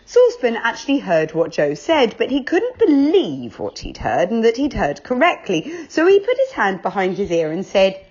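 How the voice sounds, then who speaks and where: A woman reading a children's book aloud, expressive and unhurried. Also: on the high side, muffled recording.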